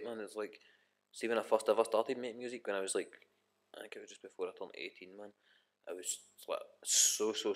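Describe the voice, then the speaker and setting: A young Scottish man, a rapper guest, chatting casually on a podcast, swearing a lot and rambling with many restarts. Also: fairly low pitch. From Scotland.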